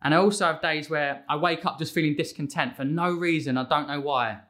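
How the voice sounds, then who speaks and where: A fitness trainer, a man, talking excitably and emphatically in a casual interview, rambling from one thought to the next. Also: a little high, brisk.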